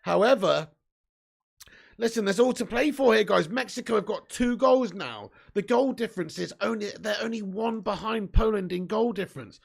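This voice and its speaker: A high, gravelly man hosts a live football watch-along stream from home. He banters with viewers in a loud, excitable way, swearing and laughing often. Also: normal speed.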